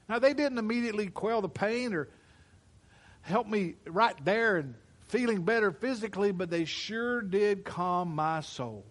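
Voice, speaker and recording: A man's voice: high voice, animated, measured pace, fairly bright tone. A man preaches a sermon. He takes his time, leaning on each phrase and circling back to repeated refrains. The delivery is that of a pastor speaking to his congregation.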